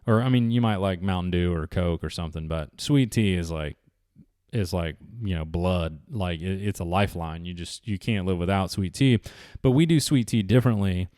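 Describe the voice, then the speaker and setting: A deep-voiced vlogger in his 40s from the Southeastern United States tells rambling travel stories to camera in a casual, chatty way, full of restarts and fillers. His tone is darkish at a moderate pace, with clean studio sound and no echo.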